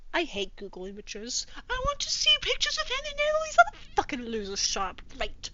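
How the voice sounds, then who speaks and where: Sarcastic, swearing woman with a bright, high voice, on a slightly dull lo-fi recording. Reads fanfic aloud for laughs. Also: huge pitch swings, moderate pace, dry recording. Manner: profane, sarcastic, exasperated. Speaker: host reading fanfiction aloud. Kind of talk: comedic dramatic reading with commentary.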